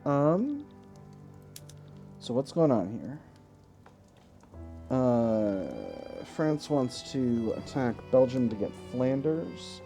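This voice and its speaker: A man hosting a let's play, thinking aloud in a relaxed way as he plays a strategy game. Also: mid-range voice, extremely slow, gravelly, long pauses, soft background music. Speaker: gaming channel host.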